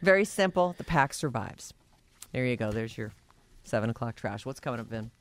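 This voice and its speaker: A woman's voice: very deep voice, expressive, a little fast. Female morning radio co-host, chatty, laughs easily. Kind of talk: casual radio chat.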